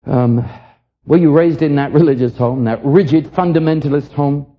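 A man's voice: on the high side, normal speed, lo-fi sound. An older man from England preaching a sermon, earnest and reflective, often repeating a word as he starts a line.

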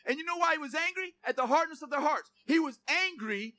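A male pastor giving a sermon in a lively, joking way, reading scripture aloud. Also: extremely high pitch, brisk.

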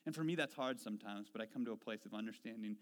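A man preaching a sermon, telling self-deprecating stories that swing from quiet reflection to animated retelling. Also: on the low side, racing. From Washington State. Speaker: pastor.

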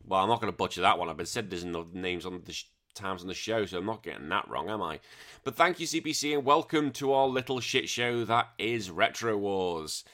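A man's voice: lowish voice, expressive, brisk, bright, forceful tone. A middle-aged man hosting a casual podcast, rambling, swearing freely and laughing easily. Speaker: podcast host. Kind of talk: casual chatty podcast talk.

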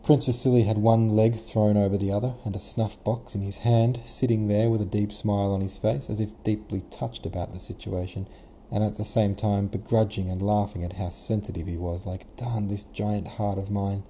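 Low, mellow-voiced male narrator. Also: steady tone, moderate pace, hardly any pauses, slight background noise. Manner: casual modern retelling, occasional self-corrections. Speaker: podcast host and audiobook reader. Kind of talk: scripted narration.

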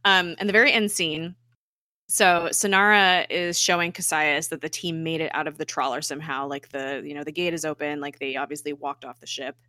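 A woman recapping a TV episode in casual chat, animated, acting out characters' lines, laughing and swearing as she goes. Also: deep voice, brisk, no echo. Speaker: podcast co-host recapping a TV episode.

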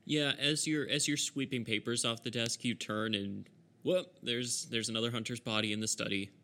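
A man running a tabletop game as game master, narrating with a relaxed, wry manner. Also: medium pitch, normal speed.

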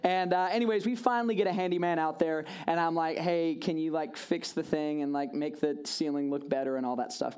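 A man's voice: a little high, a little fast, hardly any pauses, a little mellow, smooth. A man giving a storytelling sermon to a congregation, casual and chatty, with lots of "like" and "right?" asides to his listeners.

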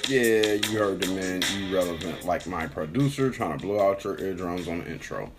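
Man, very low voice, casual podcast co-host, relaxed profane banter. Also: moderate pace, loud music behind the voice. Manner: laid-back, profane, laughs often.

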